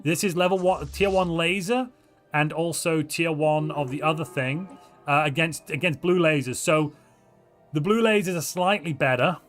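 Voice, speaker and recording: A man casting a live strategy game tournament stream, commenting on players and reading chat aloud with excitable asides. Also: fairly high pitch, normal speed, soft background music. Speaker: tournament caster.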